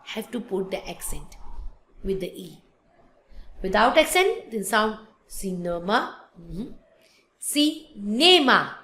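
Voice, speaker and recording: A woman with an Indian English accent teaching a French lesson, mixing Hindi and English and repeating words slowly for practice. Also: mid-range voice, big pitch swings, fairly bright tone. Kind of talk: classroom language lesson. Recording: echoey classroom.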